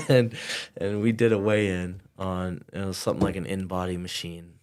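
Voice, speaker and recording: A man's voice: low-pitched, flat delivery, normal speed, darkish tone. A man in his thirties, a podcast guest, telling a personal story in loose casual talk, full of fillers and dropping to near-whispers. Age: 30s.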